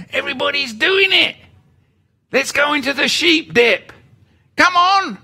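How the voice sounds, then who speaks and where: A man putting on a shrill gullible crowd voice. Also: big pitch swings, slow, gravelly, bright, forceful tone, full character voice. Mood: mocking.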